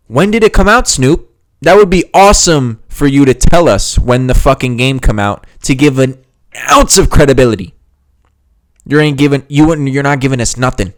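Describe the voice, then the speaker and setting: A man's voice: mid-range voice, clear, resonant tone, no echo. Guy ranting about video games, swearing a lot, sarcastic, dry close sound. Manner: profane, heated and sarcastic. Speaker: gaming video host. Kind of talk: ranting reaction commentary.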